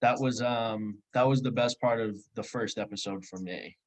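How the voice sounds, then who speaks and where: A man co-hosting a casual recap chat, easygoing, with halting restarts. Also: lowish voice, fairly even intonation, poor audio. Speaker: co-host.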